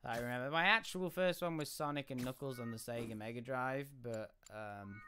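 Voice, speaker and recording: A young British man live-streaming a video game, shouting excitedly during fights and mumbling while reading chat. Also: mid-range voice, normal speed, a little hiss or hum. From United Kingdom. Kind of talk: live gaming stream commentary.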